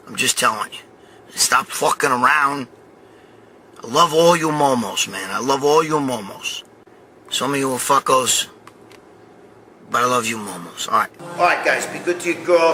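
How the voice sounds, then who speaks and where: A middle-aged man, giving a blunt, profane gym pep talk that grows loud and excited as a bodybuilding vlog host. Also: mid-range voice, a little hiss or hum. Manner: blunt, swearing, repeats himself, growing loud and excited. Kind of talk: profane motivational gym rant.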